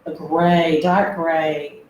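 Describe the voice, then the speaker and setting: Woman, guest, personal testimony, hesitant, reflective, very low pitch, roomy echo. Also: level tone, a little mellow, slight background noise. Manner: hesitant, many fillers, slow and reflective.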